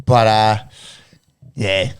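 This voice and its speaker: A man's voice: fairly low pitch, steady tone, very slow, smooth. An Australian man co-hosting a sports podcast, chatting casually in a joking, rambling way and swearing freely. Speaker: podcast co-host. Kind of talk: casual chat.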